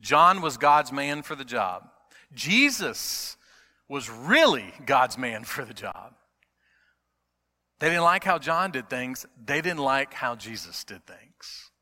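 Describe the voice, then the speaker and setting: A middle-aged male pastor preaching a sermon, swinging between hushed moments and emphatic, rising passages. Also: medium pitch, big pitch swings, slow pace. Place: church sanctuary. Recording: long reverb of a large hall.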